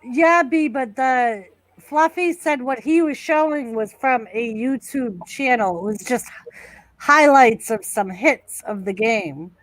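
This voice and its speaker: A woman's voice: on the high side, slow, no echo. A woman co-hosting a live stream, chatting casually and reacting to wrestling. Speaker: stream co-host.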